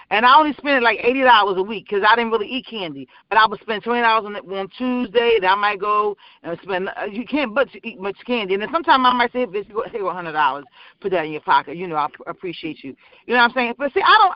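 A woman, a small business owner, telling rambling, animated stories in a casual call-in radio chat. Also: on the high side, dry recording. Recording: dull lo-fi dry sound.

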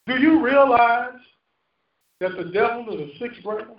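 A man in his fifties preaches a sermon in a church sanctuary, using call-and-response and rising and falling for emphasis. His voice is extremely high-pitched at a moderate pace. The recording is roomy and muffled, captured from a distance.

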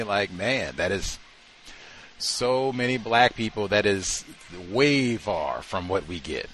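A man's voice: on the low side, expressive, takes it slowly, fairly bright tone, slight background noise. A man hosting a talk show, speaking off the cuff in a conversational way, with slang and fillers. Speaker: radio talk show host. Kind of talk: unscripted talk monologue.

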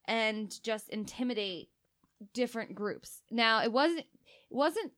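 A woman's voice: on the high side, expressive, unhurried, fairly bright tone. A woman co-hosting a podcast in casual chat, loose and chatty, laughing often. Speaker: podcast co-host.

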